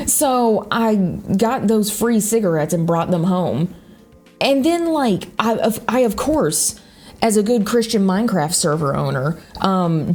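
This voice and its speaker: A young woman with a Southern US accent, rambling through casual stories while she plays a game, swearing freely. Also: medium pitch. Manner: rambling, animated, swears freely, frequent laughter. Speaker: YouTuber. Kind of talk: casual storytelling chat.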